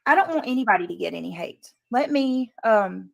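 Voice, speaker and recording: A woman's voice: fairly high pitch, animated, brisk, creaky, no echo, muffled recording. A woman hosting a casual livestream, talking earnestly to her chat and repeating her points for emphasis. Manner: talks to chat while reading comments. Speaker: livestream host. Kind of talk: casual live commentary.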